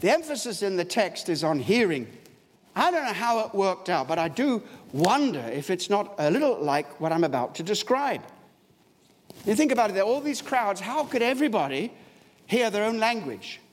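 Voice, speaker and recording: A man's voice: high voice, very animated, moderate pace. A man preaching a sermon in a church, emphatic and storytelling, with wide swings in his voice. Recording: long hall reverb, faint background noise.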